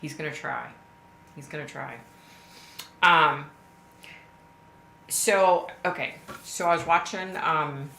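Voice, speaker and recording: Female live-stream host, low tense voice, chatty and emphatic, echoey room. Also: bright, forceful tone. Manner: chatty and emphatic, addresses viewers directly. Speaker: livestream host. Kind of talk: casual live-stream chat to viewers.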